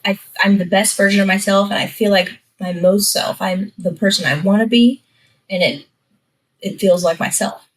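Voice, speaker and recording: A woman guest who does comedy with her sister talks in a casual, chatty way, pausing with hesitant fillers. She sits a little away from the microphone. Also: medium pitch, fairly even intonation, recorded from a distance. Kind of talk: casual chat.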